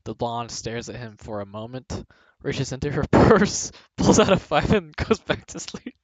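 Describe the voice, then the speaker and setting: A young man reads jokes aloud in a mid-pitched voice, often cracking up before the punchlines. The recording is dry and slightly dull, with no room sound. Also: big pitch swings, moderate pace, no room sound. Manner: breaks into laughter mid-sentence. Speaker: video host reading jokes aloud. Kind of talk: reading jokes aloud with frequent laughter.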